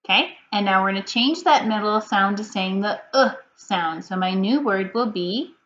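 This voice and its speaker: A woman's voice: mid-range voice, a bit bright, muffled recording, slight background noise. Patient woman teaching young children. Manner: slow, clear, patient prompting with pauses for answers. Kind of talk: remote reading lesson for young children.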